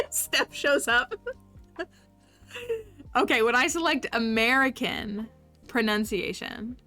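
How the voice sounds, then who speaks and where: Woman, livestream host, upbeat and chatty, laughs a lot, crisp bright tone. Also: on the high side, slow pace, faint music behind. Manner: chatty, upbeat, laughs often while reading chat. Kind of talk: casual livestream chat with viewers.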